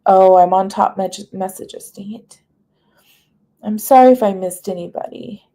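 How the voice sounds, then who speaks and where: A chatty woman hosts a live stream with a warm, mellow voice. She reads menu items aloud as long lists and greets her viewers by name. Her talk is easygoing and casual. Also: mid-range voice, measured pace. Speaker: livestream host.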